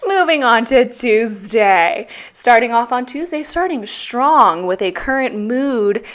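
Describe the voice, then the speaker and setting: A woman's voice: fairly high pitch, expressive, slow pace. Chatty, swearing young woman. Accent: Texan. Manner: chatty, profane, self-mocking. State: out of breath. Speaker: planner vlogger. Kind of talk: casual voiceover.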